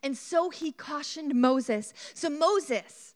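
High-voiced woman preaching a sermon. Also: takes it slowly. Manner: animated storytelling, engages the congregation with questions. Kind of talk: sermon with personal story.

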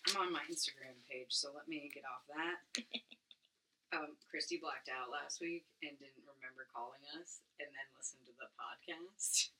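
A woman co-hosting a casual podcast, chatting loosely and giggling as she goes. Her voice is bright and forceful with a slightly low pitch. She sits a bit back from the microphone, so she sounds somewhat distant. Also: normal speed, a little hiss or hum. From United States. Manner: giggly, trails off mid-sentence. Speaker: podcast co-host. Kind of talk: casual chat.

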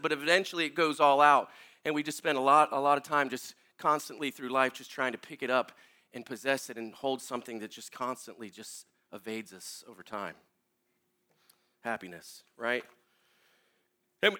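A man with a high, bright voice delivers a sermon as a relaxed, lively story. He chats, laughs along and often says "like" and "you know". It sounds like a pastor talking easily to his congregation. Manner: animated, laughing, casual storytelling with frequent fillers.

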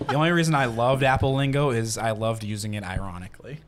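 A man's voice: mid-range voice, fairly even intonation, fast talker. A man co-hosting a casual podcast, dropping short wry remarks. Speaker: podcast co-host. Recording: noisy podcast recording.

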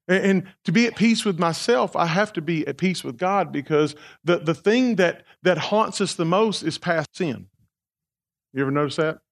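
A man preaching a sermon as pastor, talking to the congregation in a conversational way, repeating words and asking them questions. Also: high-pitched.

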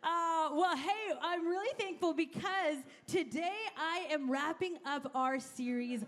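A middle-aged woman pastor giving an energetic, conversational sermon and calling out to her congregation. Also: extremely high pitch, measured pace, hardly any pauses.

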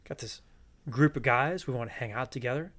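A man's voice: medium pitch, fairly quick, a bit bright. A middle-aged man, a podcast guest, speaking in a reflective, philosophical way and thinking aloud. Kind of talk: casual conversation.

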